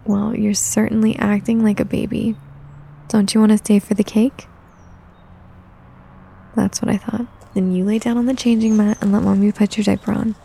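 A young adult woman performing a whispered role-play, talking softly and soothingly like a coaxing caretaker. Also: medium pitch, level tone, moderate pace, creaky, pauses often, breathy edge. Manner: soothing, coaxing caretaker talk, mostly soft and close.

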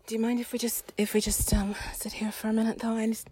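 A young woman in a one-sided audio role-play, talking in a halting, sighing, upset way that often drops to a whisper. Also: fairly high pitch, level tone, warm tone, slight background noise.

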